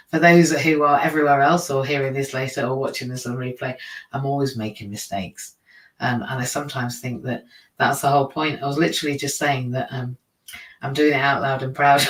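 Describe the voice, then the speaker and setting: A man's voice: medium pitch, a bit bright. A man hosting a live stream in a casual, rambling, self-deprecating monologue, laughing often at his own slips. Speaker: teacher. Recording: roomy, from a distance.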